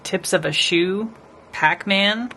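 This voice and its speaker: A woman's voice: mid-range voice, slow, sharp tone, slight background noise. A woman nail artist chatting casually with her live stream viewers as she paints, rambling and talking to the chat.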